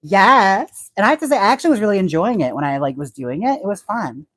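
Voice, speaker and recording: A man's voice: sits high, sing-song, fast talker, fairly bright tone. A man hosting a casual livestream, chatty and giggly as he talks about wigs and reads out viewer comments. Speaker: livestream host and wig stylist.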